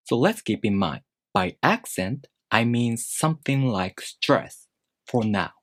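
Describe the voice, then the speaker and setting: A man teaching a language lesson in a deliberate, scripted explanatory way, slowing down to demonstrate pitch on example words. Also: expressive, fairly bright tone, no room sound, clean studio sound.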